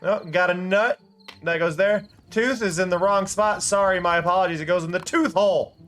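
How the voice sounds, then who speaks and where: A man's voice: sits high, steady tone, moderate pace, a bit bright, faint music behind. A man streaming a game, chatting casually and rambling at a desk mic, swearing and laughing often. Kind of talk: casual live-stream chat while gaming.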